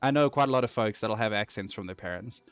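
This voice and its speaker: A man's voice: lowish voice, fast, smooth, soft background music. A man from Africa, chatting casually and rambling while streaming a game. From South Africa. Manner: rambling, easily distracted.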